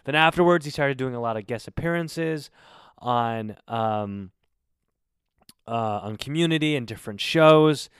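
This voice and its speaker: A man's voice: medium pitch, unhurried, clean tone, no echo, studio quality. A man hosting a casual podcast over a video call, rambling and swearing. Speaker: podcast host.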